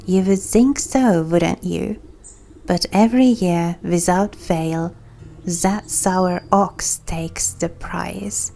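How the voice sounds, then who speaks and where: A hefty gourd farmer from a storybook game, competitive and quick to suspect his rival, talking in a slow, gravelly way, as a woman reads him aloud. He has a faint rustic lilt over a mellow, dark tone, with soft music underneath. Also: fairly low pitch. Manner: mild attempt at a rustic farmer accent.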